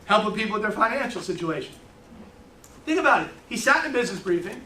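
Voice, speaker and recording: In a meeting room before a small audience, a man delivers a live sales training talk, cracking jokes, telling stories, and quizzing the room in a brash way. His high voice swings widely in pitch, moving quickly with a sharp edge. The distant mic catches lots of echo and slight background noise.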